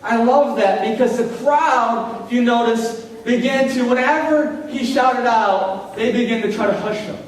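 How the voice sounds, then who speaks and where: A man preaching a sermon as pastor, in a conversational way that slows down on key lines. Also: very high-pitched. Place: church hall. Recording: echoey hall recorded from far off.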